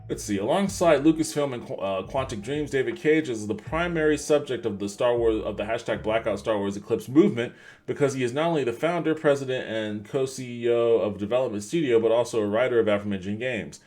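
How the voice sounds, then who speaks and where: A man's voice: medium pitch, a little fast, a little mellow, soft background music. A man hosting a livestream podcast, reading articles aloud and adding casual, wry asides, often stumbling over names. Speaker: podcast host.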